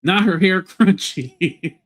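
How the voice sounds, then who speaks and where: An American man hosting a livestream rants casually, bluntly and scornfully, with plenty of profanity. His voice is high-pitched and slow.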